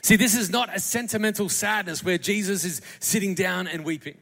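A man preaching a sermon to a congregation, building from quiet, tender passages to fervent, shouted crescendos. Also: sits high, a little fast, gravelly. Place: church hall. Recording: long hall reverb.

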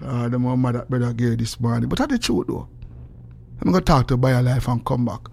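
A man with a Jamaican accent hosting a call-in radio show, swinging between loud preachy shouting and low mumbled asides. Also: fairly quick, creaky. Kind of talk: animated call-in radio rant.

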